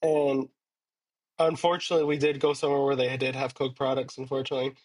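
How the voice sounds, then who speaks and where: A man co-hosting a podcast, slightly hoarse, telling rambling stories in casual chat with lots of fillers. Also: mid-range voice, level tone, a little fast, a little mellow, no room sound. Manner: laid-back, rambling storytelling with many fillers. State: a little hoarse. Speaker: podcast co-host.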